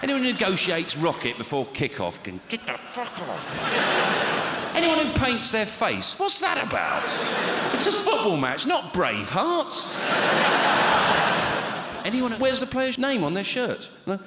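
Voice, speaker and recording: Dry-witted stand-up in echoey hall. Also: male voice, high voice, a little slow, very noisy. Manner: deadpan, dry and sardonic, swearing. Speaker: stand-up comedian. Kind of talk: stand-up routine. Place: large comedy venue. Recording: echoey hall with loud audience laughter.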